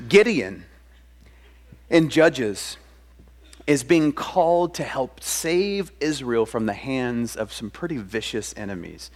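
A male pastor preaching in a relaxed, conversational way. He is earnest and often stumbles and restarts phrases, and his voice is mid-pitched. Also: slow. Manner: conversational, earnest, with many restarts and acted quotes. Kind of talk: sermon.

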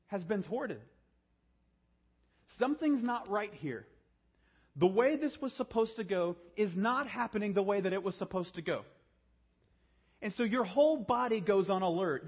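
A man preaching a sermon, swinging from hushed, low emphasis to raised, urgent delivery. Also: breathy edge, lo-fi sound. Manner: dynamic preaching, drops to a hushed low voice then rises. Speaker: pastor.

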